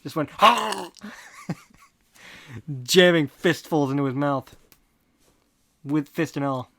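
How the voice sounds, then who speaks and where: A podcast host reading fan fiction aloud in a deadpan tone, breaking off for snarky comments. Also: medium pitch, takes it slowly. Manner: deadpan reading broken by snarky asides and laughter. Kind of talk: comic fanfic reading with asides.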